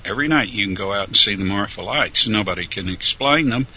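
A man, a radio guest answering questions slowly and haltingly. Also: lowish voice, lively intonation, sharp tone, slightly rough. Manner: slow, halting, many uh fillers. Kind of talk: radio interview. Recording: dull lo-fi radio sound.

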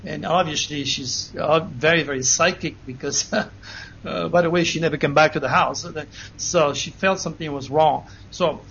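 A man giving an earnest, animated first-person account to an interviewer, with frequent restarts. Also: on the high side, slight background noise. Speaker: interview guest. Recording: dull lo-fi recording.

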